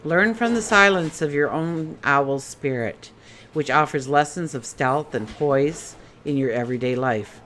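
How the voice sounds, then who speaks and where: A woman's voice: sits low, unhurried, a bit bright, slight background noise. A woman giving a casual daily tarot reading in a chatty way, asking many rhetorical questions. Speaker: tarot reader.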